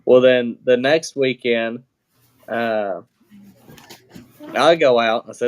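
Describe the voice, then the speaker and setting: Slow and mid-range, a man's voice carries a casual story he's sharing as a guest on a podcast. His manner is relaxed and plainspoken, full of fillers and false starts, with a swear word slipping in now and again.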